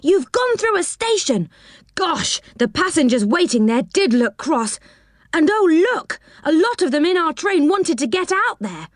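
Woman doing a squealing excitable small boy. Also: very high voice, measured pace, dry recording, studio quality, pitched above the performer's own voice. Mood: alarmed. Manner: squealing, pleading and alarmed. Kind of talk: storybook reading.

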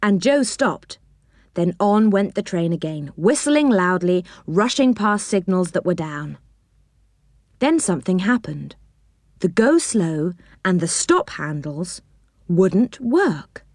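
A woman reading a children's storybook aloud with expressive, animated narration. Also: on the low side, slow, no echo, clean studio sound.

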